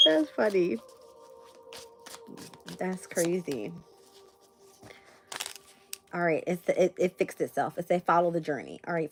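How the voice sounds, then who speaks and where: A woman's voice: medium pitch, a bit bright. A young woman hosting a casual live stream and reading tarot cards, blunt and profane, with frequent laughs.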